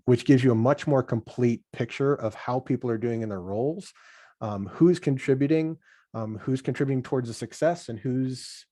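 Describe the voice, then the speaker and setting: A man being interviewed as a podcast guest, chatting in an animated way and acting out workplace conversations. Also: mid-range voice, no echo, clean studio sound. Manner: animated, acts out workplace dialogue. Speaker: podcast guest, software founder.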